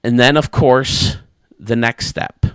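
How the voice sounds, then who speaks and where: Male channel host, mid-pitched, spinning a lively anecdote; close dry mic. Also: slow, smooth, no echo. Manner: animated, chuckling anecdote-teller. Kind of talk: casual storytelling to camera.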